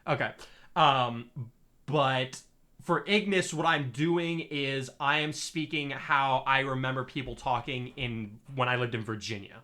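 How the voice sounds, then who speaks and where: Male podcast host, New Mexican accent, bright and animated in casual chat. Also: medium pitch, measured pace. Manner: animated, laughs often, tries accents.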